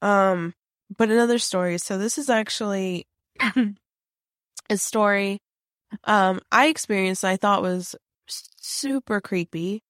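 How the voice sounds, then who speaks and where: A woman's voice: medium pitch, measured pace, pauses often, a bit bright, no room sound, clean studio sound. A woman casually telling a creepy personal story, chatty and full of fillers and restarts.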